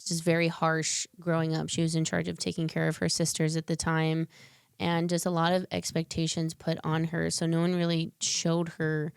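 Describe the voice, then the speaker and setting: A woman's voice: sits low, completely flat delivery, moderate pace, vocal fry, smooth, no echo. A woman guest on a podcast, telling a personal story in an earnest, heartfelt way with loose, filler-filled speech.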